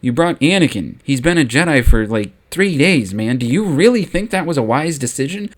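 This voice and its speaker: A man's voice: mid-range voice, very animated, moderate pace. A man voicing a smug, scheming male Sith lord politician in a comedic audio parody, in a matter-of-fact tone.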